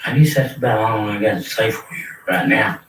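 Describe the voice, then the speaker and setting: A man's voice: on the low side, fairly quick, a bit bright. An older man, delivering a rambling, preachy and threatening monologue. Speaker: self-proclaimed prophet. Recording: roomy, distant mic with faint noise.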